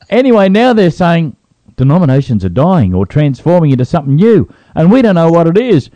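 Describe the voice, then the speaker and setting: A playful Australian co-host with a lively, mellow voice. The sound is dry and dull, like lo-fi radio. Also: male voice, a little high, moderate pace, dry recording. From Queensland, Australia. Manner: teasing, playful. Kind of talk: casual radio chat.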